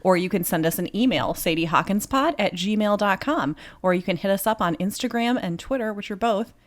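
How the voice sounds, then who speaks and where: A woman co-hosting a casual podcast, playful and quick to laugh as she tells stories. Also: mid-range voice. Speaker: podcast co-host.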